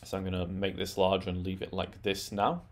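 A man presenting a tech tutorial, talking through settings in a relaxed, explanatory way with frequent "um" and "uh". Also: deep voice, a little fast. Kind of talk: screen-recorded software walkthrough.

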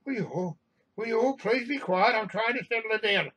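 A man's voice: high voice, fairly quick, bright, forceful tone, breathy edge, pitched above the performer's own voice, full character voice, rough recording. A man voicing a plaintive passenger who travels with his cat and complains. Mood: complaining.

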